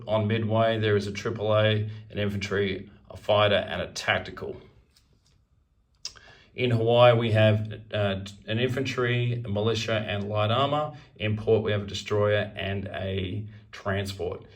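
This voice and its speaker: A man narrating his turn in a strategy board game, methodically counting units and pieces aloud as he moves them. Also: fairly low pitch.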